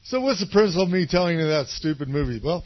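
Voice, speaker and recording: A male pastor gives a casual, conversational sermon, wandering through his points and often checking in with his listeners. His voice sits somewhat high. The recording is muffled and lo-fi. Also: lively intonation, quick pace. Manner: conversational, rambling, asks for agreement.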